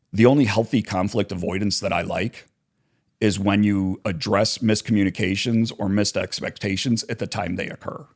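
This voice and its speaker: A man talking in a podcast interview, explaining his ideas and acting out both sides of everyday arguments. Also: lowish voice. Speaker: author and counselor, guest.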